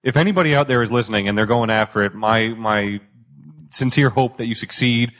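A man's voice: mid-range voice, fairly quick, fairly bright tone. A young man from the Boston area, chatting casually as a podcast guest, rambling and self-deprecating, swearing freely. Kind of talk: casual chat.

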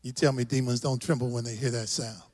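A man's voice: medium pitch, steady tone, quick pace, very noisy. A middle-aged man with a Texas accent, preaching a rousing sermon as a guest pastor and leading the congregation in call-and-response. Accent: Texan. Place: large church hall. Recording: long church hall reverb.

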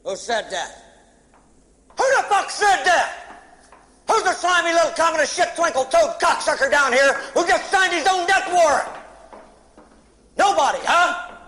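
An actor playing a furious drill sergeant who berates recruits with barked, profane insults, heard in a film clip. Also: male voice, extremely high pitch, animated, unhurried, long pauses, sharp tone, exaggerated voice. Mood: barking. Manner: barking, abusive, profane. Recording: film clip with long reverb and faint crowd.

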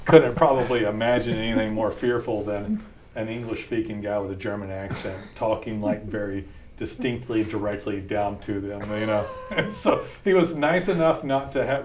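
A man's voice: lowish voice, a little hiss or hum. Man, podcast host, blunt, folksy, laughing storyteller. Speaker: podcast host, company founder. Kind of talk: casual storytelling chat.

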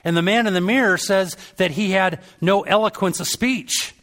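Man, preacher, sermon, somewhat high-pitched, lively, acts out quotes. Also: moderate pace.

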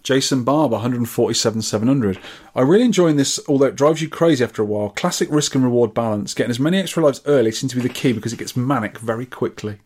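A man's voice: mid-range voice, animated, quick pace, a little mellow, husky. A man from England co-hosting a podcast, reading out listener scores and comments with wry asides in casual chat. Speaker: podcast co-host.

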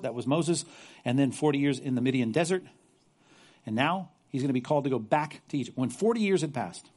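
A man delivers a sermon in an earnest, conversational way, reading from scripture and adding his own asides. His voice sits a little on the high side, and he often repeats a word as he presses a point. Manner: earnest, repeats words when stressing a point. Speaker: pastor.

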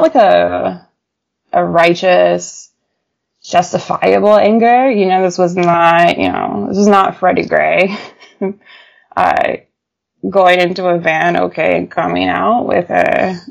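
Woman journalist guest, gravelly fry, lower voice, casual storyteller, muffled remote recording. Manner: animated, laughs often, many fillers.

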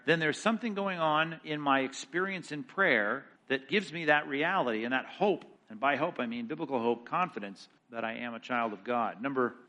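A man teaching the Bible in a sermon style, his voice bright and forceful and set a little high. He reads Scripture with rising emphasis, then drops into quick, casual asides. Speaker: pastor teaching a Bible study.

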